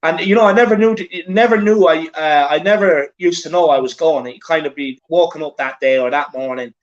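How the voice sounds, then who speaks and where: A male host chats loosely, peppering his talk with "you know what I mean". His voice sits a little high. The sound is dull and lo-fi, like audio from a call. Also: fairly quick. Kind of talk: casual interview chat.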